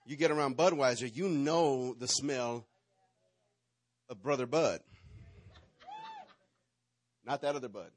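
A man's voice: medium pitch, slow, long pauses. A man preaching a sermon, telling a playful, dramatic story and acting out the parts. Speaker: pastor.

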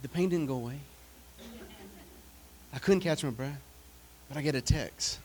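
A pastor delivers a sermon full of stories, swinging dramatically between loud declarations, hushed asides, and humorous remarks aimed straight at his congregation. His pitch sits in the middle and his pace is a little slow, with long pauses. There's a faint hiss or hum in the background.

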